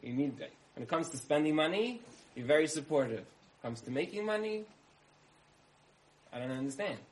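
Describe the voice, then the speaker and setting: A man's voice: fairly high pitch, expressive, normal speed, close to an everyday voice, poor audio. A man doing an exasperated self-important husband. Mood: indignant. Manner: indignant, rambling complaint.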